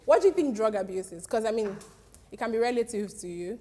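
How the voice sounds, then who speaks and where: A woman's voice: on the high side, animated, fast, warm tone, soft background music. A Nigerian woman hosting a casual panel chat, playfully putting on a posh accent. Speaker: host.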